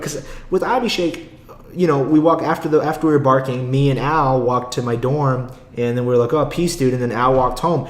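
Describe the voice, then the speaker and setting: A man's voice: mid-range voice, steady tone, fairly quick, roomy sound. A young man, an aspiring comic, rambling casually and with a lot of swearing in a solo podcast monologue, with frequent laughs. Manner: rambling, profane, laughs often.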